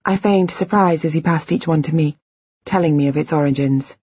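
A woman narrating a novel in the first person, measured and quiet. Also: sits low, slightly rough, dry recording, highs cut off. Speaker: audiobook narrator.

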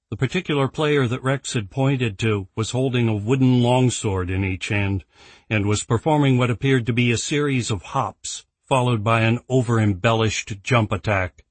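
A man narrating an audiobook in an even, measured storytelling voice. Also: mid-range voice, no echo. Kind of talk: scripted narration.

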